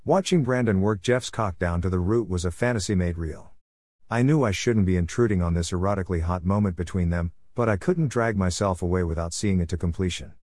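A man reading a first-person story in a steady, even way. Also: low voice, a little fast, no room sound. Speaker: narrator.

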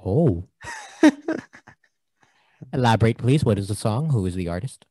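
A man's voice: lowish voice, sing-song, takes it slowly, warm tone, husky, dry recording. A man co-hosting a film podcast in a casual chat. He is jokey and stumbles over his words. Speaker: podcast co-host. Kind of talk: casual movie discussion.

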